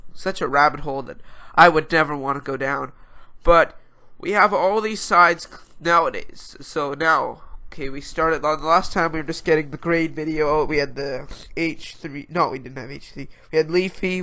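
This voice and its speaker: A man's voice: fairly high pitch, bright, forceful tone. A man with a stuffed-up nose hosting a podcast, ranting in an exasperated, rambling way about online drama. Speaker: podcast host. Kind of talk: casual ranting commentary.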